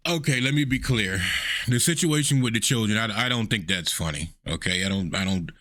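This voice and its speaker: A man's voice: lowish voice, fairly quick, fairly bright tone. A man hosting a reaction video in casual commentary, laughing often and mocking people with put-on voices.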